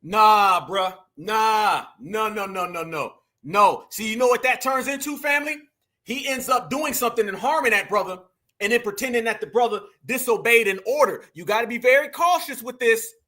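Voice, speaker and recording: Speaking at a normal speed, the man's high-pitched voice sounds animated, bright and forceful. As host of a commentary show, he reacts to clips and talks emphatically straight to viewers, calling them family and repeating phrases.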